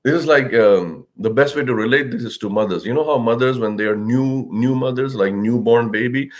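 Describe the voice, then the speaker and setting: A man giving a religious lesson as a story, in a conversational way with many "you know" fillers, acting out the quoted speech. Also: fairly quick. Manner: acts out quoted speech with big pitch swings. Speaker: religious teacher.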